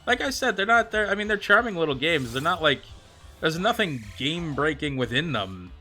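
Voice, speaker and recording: Bright-voiced chatty male streamer. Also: fairly high pitch, big pitch swings, brisk, soft background music. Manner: rambling, chatty, many fillers, reads out viewer names. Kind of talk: casual livestream chat.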